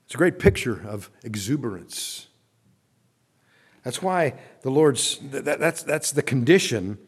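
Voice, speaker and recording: A pastor preaches a sermon earnestly, reading long scripture passages aloud. His voice drops soft and low at the ends of phrases.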